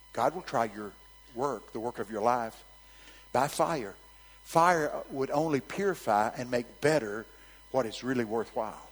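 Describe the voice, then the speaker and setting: Animated man preaching a sermon. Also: mid-range voice, moderate pace, husky, big-room sound, rough recording. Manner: animated storytelling, calls out to the congregation.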